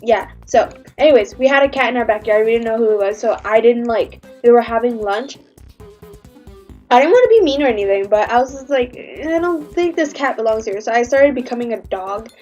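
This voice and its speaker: A woman's voice: a little high, animated, a little fast, a little mellow, lo-fi sound, faint music behind. A woman hosting a casual reaction livestream, rambling and giggly with lots of restarts. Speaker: livestream host.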